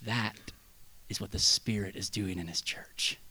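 A man preaching a sermon as pastor, swinging between loud bursts and hushed asides. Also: on the low side, fairly even intonation, a little slow, breathy edge.

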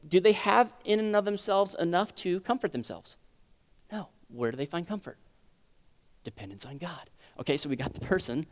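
A man preaching a sermon in a conversational teaching style, asking rhetorical questions and swinging between loud emphasis and quiet lows, heard with long hall reverb in a church sanctuary. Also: expressive, moderate pace.

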